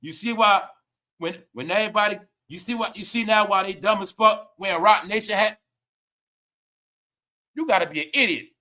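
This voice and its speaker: A young man hosting a live gossip commentary stream, loud and laughing, often calling out to viewers. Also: high-pitched, moderate pace, pauses often. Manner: loud, laughing, repetitive, addresses viewers as y'all. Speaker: commentary host.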